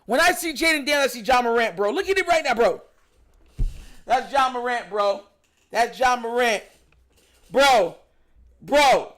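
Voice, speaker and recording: A man with a New York accent hosting a live stream, talking loudly in slangy, excited commentary, often shouting and laughing. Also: extremely high pitch, measured pace, long pauses.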